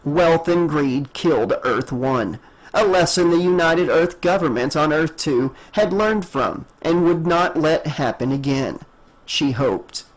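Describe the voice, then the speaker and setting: Guy reading a sci-fi horror audiobook, fairly high voice, steady pace. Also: a little slow, poor audio. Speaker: audiobook narrator. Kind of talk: audiobook narration.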